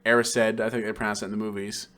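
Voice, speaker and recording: A young man co-hosting a podcast, chatting casually about a film, excitable and profane, laughing as he retells scenes. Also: fairly low pitch, quick pace, clear, resonant tone. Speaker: podcast co-host. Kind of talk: casual film review chat.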